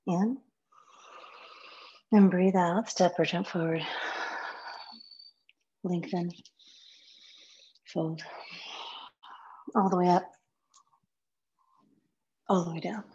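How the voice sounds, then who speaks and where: Woman yoga teacher, slow spare cues, slightly low voice, practicing along; muffled lo-fi home recording. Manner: calm, sparse one-word cues, some soft whispered counts. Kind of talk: guided yoga class cues.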